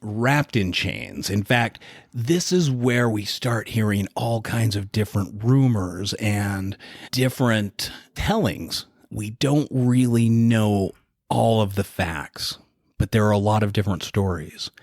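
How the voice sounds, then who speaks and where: A man co-hosting a podcast, casually retelling a dark historical story in a relaxed, conversational way. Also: fairly low pitch, slow pace, dry recording. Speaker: podcast co-host.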